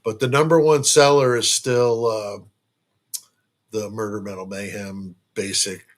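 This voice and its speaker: A man's voice: fairly low pitch, fairly even intonation, unhurried. A man hosting a casual true crime live stream from home. He rambles and jokes, with lots of fillers and restarts.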